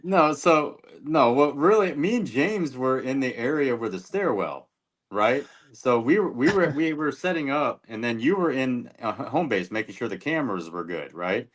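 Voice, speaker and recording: A man's voice: mid-range voice, very animated, normal speed. A man who investigates the paranormal, a podcast guest recounting events in a laid-back, chatty way. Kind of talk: casual podcast chat.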